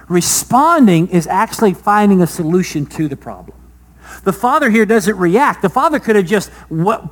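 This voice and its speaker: A pastor with a high voice preaches a sermon and puts rhetorical questions to the congregation, his voice rising loud and then dropping soft.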